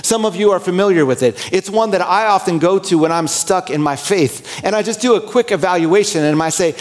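A male pastor giving a sermon in a relaxed, conversational tone. His voice sits a little higher than most men's, and he slips into quick quoted prayers and inner asides as he speaks. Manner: conversational, candid, acts out inner dialogue and prayers.

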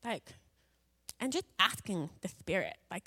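A woman's voice: medium pitch, normal speed, fairly bright tone. A woman sharing a personal faith story with a gathering in a chatty way, full of fillers and asides. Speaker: speaker sharing a personal testimony. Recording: long hall reverb.

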